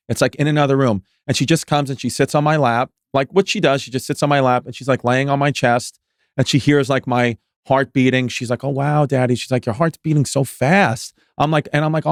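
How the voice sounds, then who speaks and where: A man's voice: medium pitch, no echo, studio quality. A man in his thirties, a podcast guest telling a long story in casual chat, restarting often and filling with "like". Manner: rambling storyteller with many restarts and "like"s.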